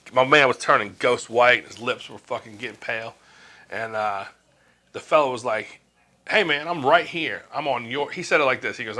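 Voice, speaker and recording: A man's voice: medium pitch, pushed and bright. A man in his forties telling a casual story from his years as a tattoo artist, swearing freely and acting out what others said. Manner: laid-back, swears freely, acts out quoted lines.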